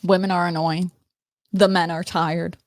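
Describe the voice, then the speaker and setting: A woman's voice: fairly low pitch, flat delivery, measured pace, no echo. A woman hosting a livestream, talking bluntly and swearing freely as she rants. She laughs often between points. Her voice is dry and close, with almost no room sound. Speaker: host. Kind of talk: casual livestream rant.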